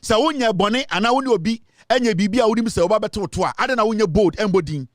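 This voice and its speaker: A man with a Ghanaian accent delivers forceful, lecturing commentary in a notably high voice. He hammers his points home and slips between English and Twi. The recording is dry and close, with no room sound. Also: fast talker, no room sound. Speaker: online commentator. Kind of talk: impassioned social commentary.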